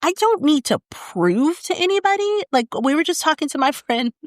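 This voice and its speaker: A woman's voice: high voice, animated, normal speed, dry recording, clean studio sound. A woman in her fifties co-hosting a casual podcast chat, candid and laughing often. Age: 50s. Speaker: podcast co-host.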